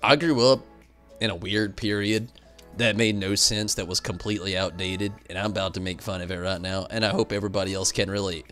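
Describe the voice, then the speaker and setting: A man streaming games, chatting casually and telling rambling, animated stories full of fillers. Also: low-pitched, fairly quick, faint music behind. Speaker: game streamer. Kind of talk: casual chat while streaming.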